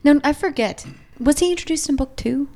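A woman's voice: sits high, a little fast, darkish tone. A woman in casual chat, explaining things in a matter-of-fact way.

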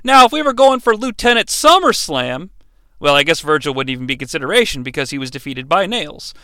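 A man hosting a comedic podcast, talking in an animated, jokey, mock-dramatic way. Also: on the high side, brisk, clear, resonant tone, dry recording, studio quality. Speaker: podcast host. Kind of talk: comedic wrestling podcast monologue.

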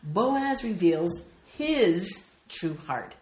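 A woman's voice: on the low side, very slow, echoey room. A woman teaching a Bible study, earnestly reading and explaining scripture with feeling. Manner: earnest and expressive, reads scripture aloud with feeling.

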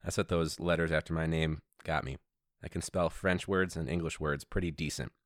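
A man hosting a casual storytelling podcast, rambling and laughing, with sudden incredulous jumps high in his voice. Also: fairly even intonation, normal speed, dry recording, clean studio sound. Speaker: podcast host and teacher. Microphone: podcast microphone.

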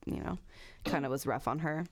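Woman, slightly low voice, casual podcast chat, chatty, laughs often, lots of fillers. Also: fairly quick, vocal fry. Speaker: podcast co-host telling a true-crime story.

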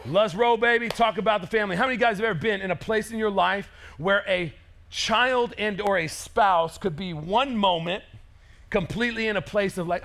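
A man in his thirties preaching a sermon as pastor, energetic and conversational, acting out quotes. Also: high-pitched, fairly quick, creaky.

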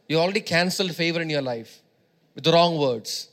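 High-voiced emphatic male preacher. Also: normal speed, a bit bright. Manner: emphatic, repeats phrases and urges the congregation. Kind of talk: sermon.

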